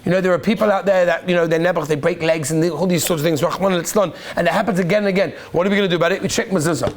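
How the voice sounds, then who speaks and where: Male rabbi, bright tenor, animated teacher who keeps quizzing the class and praising answers. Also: high-pitched, racing. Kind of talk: lively classroom lesson.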